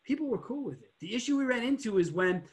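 A man's voice: extremely high pitch, fast. A man who used to run a car dealership, chatting on a podcast and acting out customers as he tells stories. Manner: animated storyteller, acts out customers, swears. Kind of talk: casual podcast chat.

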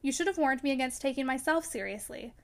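A touchy, charming young man from a storybook, read aloud by a woman, firing off emphatic questions. The voice sits high. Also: fast talker. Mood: light.

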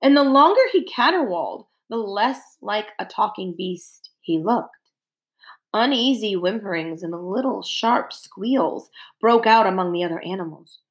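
A woman narrating a storybook aloud in an expressive, dramatic way. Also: mid-range voice, a little slow, poor audio.

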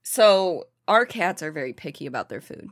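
A woman's voice: fairly low pitch, very animated, normal speed, dry recording, studio quality. A woman in casual podcast chat, blunt and chatty, swearing casually.

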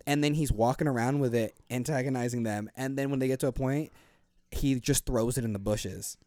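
A young man holds the floor with a loose, profane anecdote, jumping into the voices of the people in it. His voice sits at an ordinary middle pitch. The sound is dry and close, with no room around it. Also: a little fast, no room sound. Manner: animated, loose and profane, acts out quoted voices. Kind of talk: casual storytelling chat.

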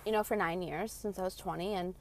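A woman's voice: fairly low pitch, steady tone, fast talker. Ranting, cursing woman in her late 20s. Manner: heated, profane, blunt. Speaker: vlogger. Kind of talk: passionate rant. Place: in her car.

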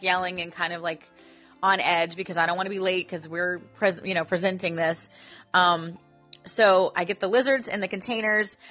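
A woman's voice: mid-range voice, bright, forceful tone. A woman in her thirties, a mother, telling a story in a casual, rambling vlog full of fillers. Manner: chatty, rambling, filler-heavy. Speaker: mother and Daisy troop leader.

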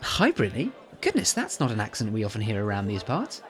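A man's voice: lowish voice, wildly swooping pitch, quick pace. A man in his thirties hosting a podcast, narrating in a playful, chatty way with theatrical asides. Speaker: podcast host. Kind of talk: scripted comic narration.

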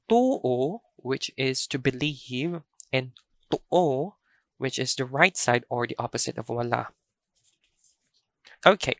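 A woman teaching a language lesson, speaking slowly and carefully and repeating each word for practice. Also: very deep voice, creaky, a bit bright, no room sound, clean studio sound.

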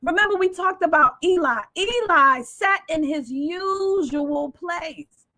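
High-pitched woman preaching on a faith talk show, emphatic, call-and-response. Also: takes it slowly, bright, forceful tone. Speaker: co-host.

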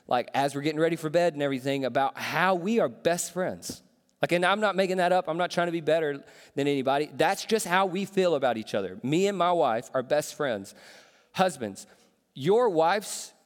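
A fairly high-voiced man in his thirties preaches to his church in a loose, joking, conversational way. His voice carries a long reverb from the hall. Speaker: pastor. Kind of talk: sermon. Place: church auditorium.

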